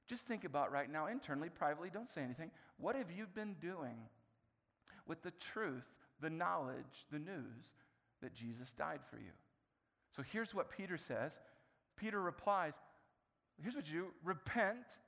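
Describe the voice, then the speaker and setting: A man preaching a sermon as pastor, animated, with playful asides and sudden swings between loud and quiet. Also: sits high, in a large hall. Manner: animated, playful asides, quick shifts in volume.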